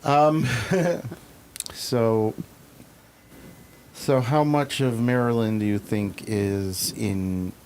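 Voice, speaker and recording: A man's voice: mid-range voice, very slow, long pauses, a little mellow, slight background noise. Chatty male host who laughs often. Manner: chatty, laughs at own jokes, rambling. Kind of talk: casual interview chat.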